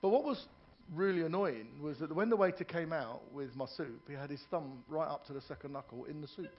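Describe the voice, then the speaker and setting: A man's voice: fairly high pitch, fairly quick, dull audio, a little hiss or hum. A man performing stand-up comedy in a ship's theatre, telling jokes, doing characters' voices and joking with the audience.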